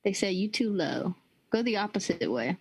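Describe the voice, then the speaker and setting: A woman's voice: mid-range voice, expressive, normal speed, a little hiss or hum, low-quality recording. A woman hosting a livestream, chatty and upbeat in casual talk. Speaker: host. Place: small studio.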